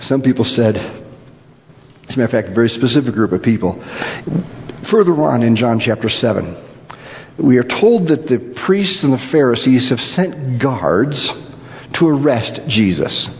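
A man preaching a sermon, animated, dropping low and slow when he quotes scripture. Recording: dull reverberant hall.

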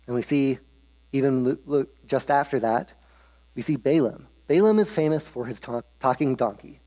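A man's voice: mid-range voice, moderate pace, dark tone. A man preaching in a casual, humorous storytelling way, with frequent restarts, in a hall with a long echo. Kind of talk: casual Bible storytelling sermon.

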